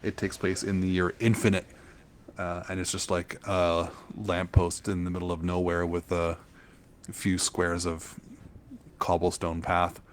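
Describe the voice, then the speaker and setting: A man with a low, deep voice talks through ideas in a loose, rambling way as he co-hosts a podcast. He fills the gaps with plenty of ums and uhs, and the chat stays casual throughout. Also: monotone, unhurried, a little hiss or hum. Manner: rambling explanations full of filler words. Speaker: podcast co-host.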